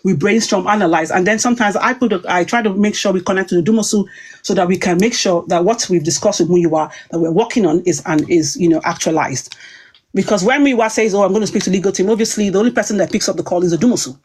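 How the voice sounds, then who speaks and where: A woman's voice: mid-range voice, fast talker, darkish tone, breathy edge. A middle-aged woman, telling a heated personal story as a talk show guest, emphatic and indignant, repeating herself.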